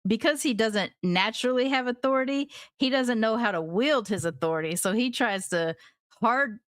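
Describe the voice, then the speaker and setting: A woman's voice: a little high, normal speed, no room sound, studio quality. A woman co-hosting a podcast, thoughtfully analyzing characters in a casual TV recap. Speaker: podcast co-host.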